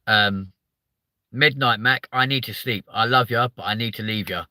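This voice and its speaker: In a dry recording, a southern English man with a lowish, bright, forceful voice runs a live stream at normal speed. He chats loosely, curses often, and gets hyper reading viewers' comments aloud.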